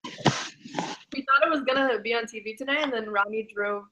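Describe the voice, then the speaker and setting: A young woman chatting casually on a video call, giggly and animated. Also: on the high side, brisk, rough recording. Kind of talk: casual chat.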